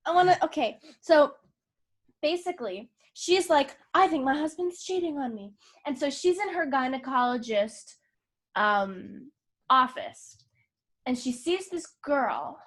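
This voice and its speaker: Woman, high voice, casual podcast chat, animated, profane, retells movie plots. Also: slow. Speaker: podcast co-host.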